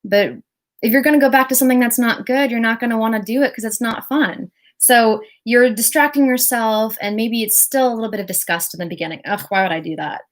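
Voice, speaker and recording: A woman's voice: on the high side, brisk. A young woman talking casually on a livestream, explaining ideas in a chatty way and acting out short quoted voices. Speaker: self-help livestreamer.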